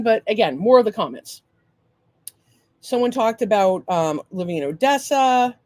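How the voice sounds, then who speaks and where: A woman's voice: mid-range voice, lively intonation, moderate pace, darkish tone, no echo. Woman, boston accent, podcast co-host, rambling and profane, dry close sound. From Massachusetts. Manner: profane, rambling, reads listener comments aloud. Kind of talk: casual chat.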